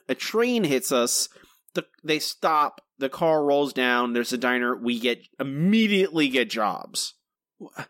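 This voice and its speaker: A man's voice: a little high, expressive, unhurried, a bit bright, no echo, clean studio sound. A man co-hosting a podcast, talking in an exasperated, rambling way with frequent restarts. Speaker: podcast co-host. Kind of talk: casual review chat.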